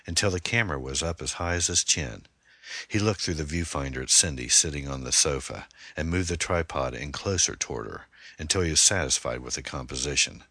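A man narrating a thriller novel chapter in a measured, deliberate way. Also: a bass voice, bright, forceful tone, dry recording, clean studio sound. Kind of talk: audiobook narration.

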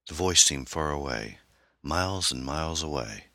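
A man with an extremely deep voice reads his own novel as an audiobook. His delivery is unhurried and measured, with lots of rise and fall in the pitch. The tone is bright and the sound is close and dry. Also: expressive, no echo. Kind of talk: scripted audiobook narration.

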